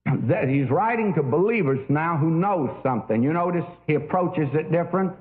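Older man, preacher, sermon, folksy storytelling, slightly high voice, tinny lo-fi recording. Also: animated, moderate pace. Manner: folksy, storytelling with many fillers. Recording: tinny phone-like old recording.

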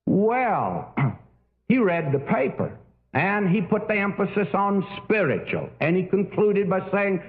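Older preacher, phone-like narrow sound. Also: male voice, high-pitched, sing-song, a little slow. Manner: folksy storytelling with many fillers. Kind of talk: sermon.

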